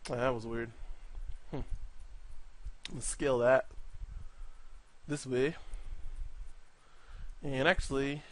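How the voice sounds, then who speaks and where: A man's voice: mid-range voice, steady tone, slow pace, long pauses. A man hosting a casual 3D modeling tutorial, talking through his steps in a rambling, joking way. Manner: jokey, rambling, talks to himself while working. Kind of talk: casual screen-recorded tutorial.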